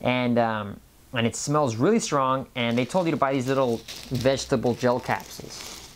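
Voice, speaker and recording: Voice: mid-range voice, normal speed. Rambling vlogger full of restarts. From Mexican family background. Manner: rambling, many restarts and repeated words. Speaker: health vlogger. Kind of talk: casual vlog monologue.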